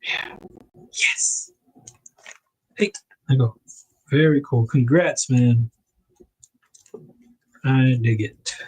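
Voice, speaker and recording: This livestream host has a mid-range voice with a breathy edge, speaking extremely slowly and pausing often on a low-quality recording. He packs items up while narrating in a casual, rambling way, correcting himself with little laughs.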